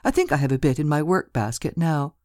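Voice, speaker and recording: A woman's voice: deep voice, brisk, mellow, no echo, clean studio sound, lightly acted. A woman narrator voicing a chatty, gossipy middle-aged landlady in an audiobook, rambling and talkative.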